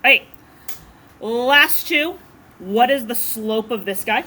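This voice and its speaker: A woman teaching a math class explains graphing to her students in a casual, chatty way as a classroom lecture. Her voice is a little high, expressive, pushed and bright, and she takes it slowly.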